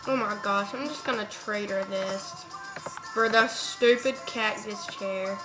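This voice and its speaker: A woman's voice: medium pitch, steady tone, a little slow, echoey room. A teenage girl chatting casually while playing a game, scattered and half-distracted, often repeating herself. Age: teens. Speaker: co-host. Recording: dull lo-fi mic with loud music behind.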